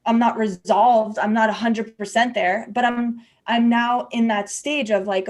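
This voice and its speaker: A woman's voice: a little high, fairly even intonation, normal speed, hardly any pauses. A woman hosting a podcast, talking candidly and chattily with many fillers and restarts. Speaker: podcast host. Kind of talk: candid conversational podcast talk.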